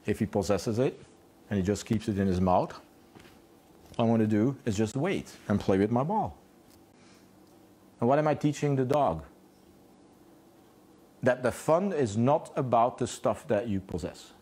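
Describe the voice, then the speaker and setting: A man's voice: mid-range voice, animated, unhurried, pauses often, warm tone, husky. A man, a dog trainer, explaining puppy play in a home garage, asking rhetorical questions and answering them himself. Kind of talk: instructional talk.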